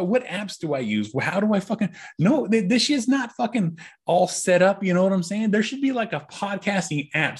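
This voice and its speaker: Husky, foul-mouthed ranting man. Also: sits high. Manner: angry, swears constantly, rambling. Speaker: podcast host. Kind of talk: profane ranting monologue.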